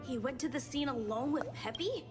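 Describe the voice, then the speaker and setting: A woman's voice: high voice, moderate pace, faint music behind, natural voice. An actress playing a worried young woman in a game who asks anxious questions. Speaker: game character.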